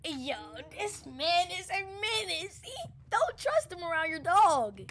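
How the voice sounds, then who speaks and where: Woman, gaming commentary, very high voice, big swooping pitch, noisy background. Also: slow pace. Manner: excitable, shouts and laughs at teammate, slangy. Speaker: gaming YouTuber. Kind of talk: gameplay commentary.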